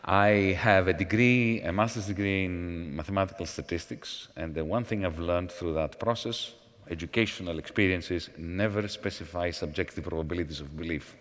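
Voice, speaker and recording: A man speaking as a panel guest at a conference, in a measured, professorial manner with false starts. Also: deep voice, a bit bright. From Greece. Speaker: panel guest, former finance minister. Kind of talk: onstage panel conversation. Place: large conference hall. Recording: long hall reverb.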